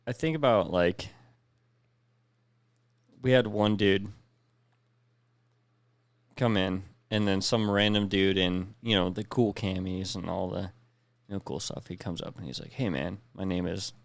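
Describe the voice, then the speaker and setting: A man's voice: deep voice, a little slow, gravelly, pauses often, no echo. A young man on a podcast telling a war story in casual, profane speech, acting out the dialogue. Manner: profane, recounts with quoted dialogue. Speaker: podcast co-host, veteran.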